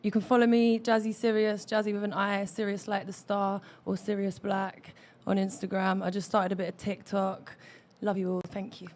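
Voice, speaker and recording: A young London woman with a London accent performs rhythmic, rhyming spoken word poetry into a stage mic at an indoor open mic. Her voice is medium in pitch with little movement, her speed is normal, and the background is noisy.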